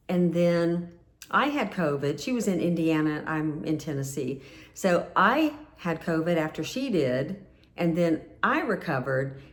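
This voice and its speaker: A middle-aged woman telling a personal story in a casual, rambling way, close to tears. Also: sits low. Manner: rambling, with many restarts and fillers.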